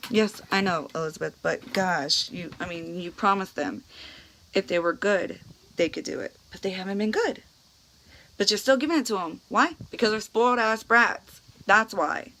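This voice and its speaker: A woman's voice: fairly low pitch, moderate pace, pauses often, a bit bright, a little hiss or hum, low-quality recording. A woman in her thirties, a mother filming a casual home vlog, talking bluntly to her kids and cooing at the family dog. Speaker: mother and vlogger.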